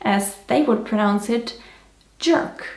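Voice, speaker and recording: A woman's voice: sits high, expressive, moderate pace, very noisy. A woman from Germany, a YouTuber giving a playful, chatty scripted explainer with jokey asides. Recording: echoey room.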